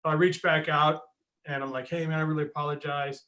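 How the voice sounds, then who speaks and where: Speaking a little high and a little fast, a US man hosts a wrestling podcast. He's an animated storyteller who swears and laughs as he imitates what people said in a casual chat.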